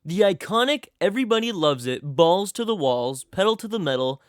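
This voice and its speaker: A man's voice: high voice, big pitch swings, brisk, clean tone, no echo, clean studio sound. Hyped, sarcastic young man reviewing games. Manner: sarcastic, hyped, crude jokes. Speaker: game reviewer. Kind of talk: comedic scripted game review voice-over.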